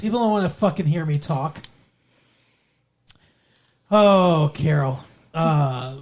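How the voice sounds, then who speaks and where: A man's voice: a little high, lively intonation, takes it slowly, pauses often. A man co-hosting a casual chat podcast, teasing and sarcastic, with frequent swearing. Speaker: podcast co-host.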